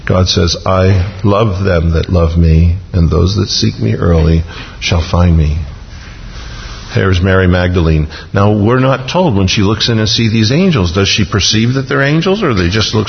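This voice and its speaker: Low-voiced preacher in a reverberant hall. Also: male voice, moderate pace, creaky, a little hiss or hum. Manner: dramatic, acts out biblical dialogue with humor. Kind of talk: sermon. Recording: dull lo-fi recording with long reverb.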